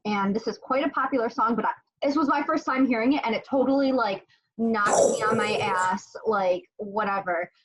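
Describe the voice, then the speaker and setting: A woman's voice: on the high side, moderate pace, a crowd in the background, low-quality recording. A woman in funeral work chatting candidly and telling a heartfelt story in a casual way. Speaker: licensed funeral professional, co-host. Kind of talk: casual chat over wine.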